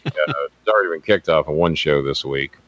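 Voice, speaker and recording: A man's voice: very deep voice, normal speed, a bit bright, dry recording. A man, a former wrestling manager, trading profane, wisecracking stories as a guest on a casual podcast. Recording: slightly dull, dry sound.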